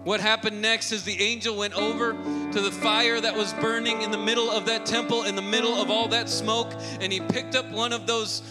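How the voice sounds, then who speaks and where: A man preaching a sermon as lead pastor, moving from a family story to forceful exhortation. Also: high-pitched, little pitch movement, moderate pace. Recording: long hall reverb with loud music beneath. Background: loud guitar music.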